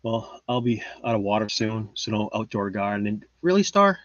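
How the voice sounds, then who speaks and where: A man's voice: lowish voice, sing-song, normal speed, a bit bright, dry recording. Man, livestream host, casual chat, boastful and joking, dry dull sound.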